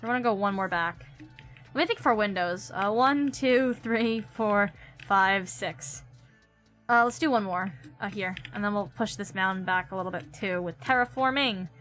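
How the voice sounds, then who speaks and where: Bright, giggly young woman streamer. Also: medium pitch, normal speed, faint music behind. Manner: chatty, giggly, thinking aloud. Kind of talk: casual gameplay commentary.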